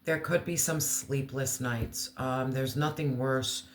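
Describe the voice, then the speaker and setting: A man giving an earnest, emotional tarot reading, slowing down to stress key words. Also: medium pitch, steady tone, roomy sound, a little hiss or hum. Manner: earnest, emotional, slow deliberate emphasis. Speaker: tarot reader.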